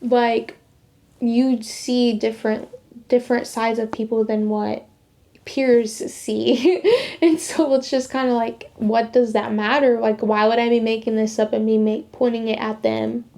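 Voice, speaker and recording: A young woman tells her story in a casual, rambling way, filling nearly every gap with "like". Her voice sits a little high but sounds warm and mellow, with a gravelly fry. She keeps stopping and restarting her sentences. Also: steady tone, measured pace. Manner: rambling, heavy use of "like" fillers and restarts. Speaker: vlogger sharing her faith testimony.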